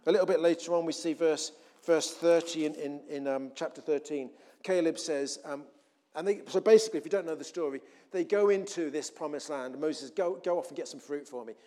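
A man preaching a sermon, telling a scripture story with animated acted-out voices. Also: a little high, a little fast. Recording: long hall reverb.

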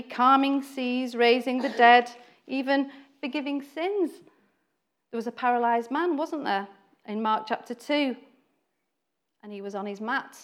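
Brit woman preacher, conversational delivery, acts out voices, slightly high voice. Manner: chatty, acts out quoted voices, laughs often. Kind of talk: informal sermon.

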